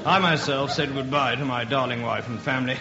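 A man's voice: medium pitch, fairly quick, lo-fi sound, over loud music. A man narrating a mock war memoir in a radio comedy sketch, with plummy, silly asides. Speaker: comedy performer.

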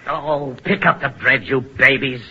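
A man's voice: medium pitch, steady tone, measured pace, sharp tone, husky, exaggerated voice. An actor playing a cruel, mocking man holding captives in a 1940s radio play. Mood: taunting. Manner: mocking, cold. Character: cruel sneering male captor. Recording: dull lo-fi old radio broadcast.

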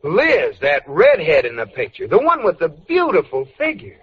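Brief: defensive home-movie-loving husband, animated delivery; lo-fi vintage radio. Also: male voice, on the high side, normal speed. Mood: insistent. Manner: insistent, defensive. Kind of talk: 1940s radio comedy acting. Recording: dull, noisy old radio broadcast.

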